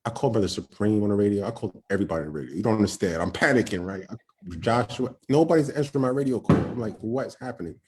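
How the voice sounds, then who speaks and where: A young man telling a personal story on a podcast, excited and nervous, acting out what others said and checking in with "right?". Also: lowish voice, racing, husky. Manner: excited, acts out quoted voices, frequent "right?". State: nervous, shaking. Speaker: podcast guest. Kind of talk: storytelling testimony.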